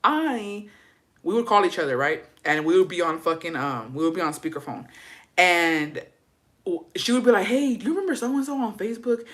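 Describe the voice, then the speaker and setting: A woman talks straight to her viewers in a loose storytime chat. Her delivery is gossipy and animated, and she swears constantly. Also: fairly low pitch, normal speed. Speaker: vlogger.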